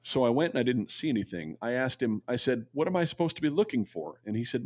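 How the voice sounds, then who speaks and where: A man's voice: mid-range voice, sing-song, fast talker, darkish tone, breathy edge, no room sound. A man co-hosting a talk show, reading a listener's letter aloud and telling stories, earnest, with stammers when he ad-libs. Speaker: podcast co-host.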